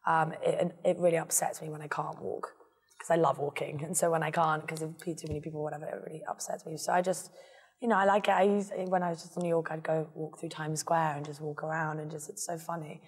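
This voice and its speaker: A woman's voice: deep voice, flat delivery, fast, husky, in a large hall. A woman in her twenties, the guest in a casual interview, rambling with lots of fillers. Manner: rambling, filler-heavy, self-deprecating.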